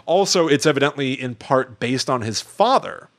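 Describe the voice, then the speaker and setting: In a casual podcast conversation, this male co-host thinks out loud with many restarts. He speaks expressively at a medium pitch and a moderate pace.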